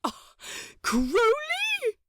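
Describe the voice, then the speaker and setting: A woman's voice: extremely high pitch, wildly swooping pitch, drawn-out words, no echo, voice pushed up, full character voice. A woman voicing a fussy, prim male angel who gasps and stammers in flustered exclamations in a fan fiction audiobook. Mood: astonished.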